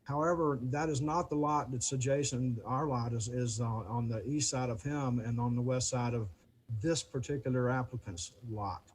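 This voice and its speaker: A man gives public comment on a video call, halting and restarting his words. His voice sits at an ordinary pitch. A faint hiss runs under the call. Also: rough recording. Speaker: neighbor addressing the commission.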